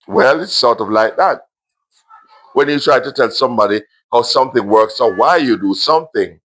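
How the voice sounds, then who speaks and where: A Jamaican man gently reading his own emotional story aloud to a primary school class, adding asides. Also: mid-range voice, moderate pace.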